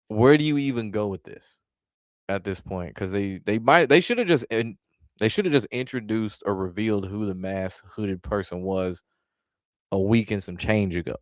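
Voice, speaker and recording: Vlog host, male, low smooth voice, dry close sound, blunt exasperated ranting delivery. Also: moderate pace, no echo. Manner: exasperated, blunt, heavy swearing. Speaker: wrestling commentary vlogger. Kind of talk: casual profane rant reacting to chat.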